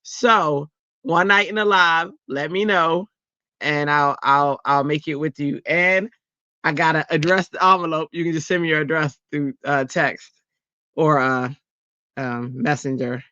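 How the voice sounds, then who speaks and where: A woman hosting a craft livestream, chatting casually with her viewers in an excitable, giddy way that often tips into squeals. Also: low-pitched, measured pace, dry recording, lo-fi sound. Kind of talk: casual live chat to viewers.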